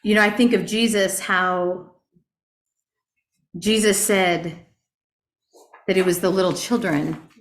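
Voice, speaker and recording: A woman's voice: mid-range voice, slow, long pauses. Middle-aged woman leading a bible class, earnest and chatty, roomy echoey sound. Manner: earnest, animated storytelling with rhetorical questions. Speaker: Bible study teacher. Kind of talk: conversational Bible class teaching. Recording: roomy echo.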